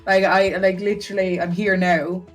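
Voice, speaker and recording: A young woman talks through a casual podcast chat, rambling and full of fillers. Her voice sits on the low side, and faint music plays behind her. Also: level tone, normal speed, far from the mic. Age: young adult. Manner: chatty, rambling, many fillers. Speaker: podcast guest, streamer.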